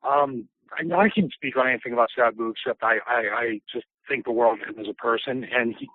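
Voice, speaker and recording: Male guest on a call, animated anecdotes with put-on voices, phone-quality audio. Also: medium pitch, a little fast, no echo. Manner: animated, acts out voices in anecdotes, laughs often. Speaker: interview guest, former wrestler. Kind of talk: casual storytelling. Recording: tinny phone line.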